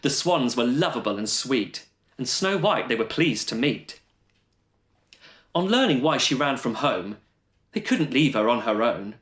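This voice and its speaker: A man's voice: medium pitch, sing-song, a little slow, fairly bright tone. A man telling a rhyming panto-style story with a playful, sing-song delivery. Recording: roomy echo.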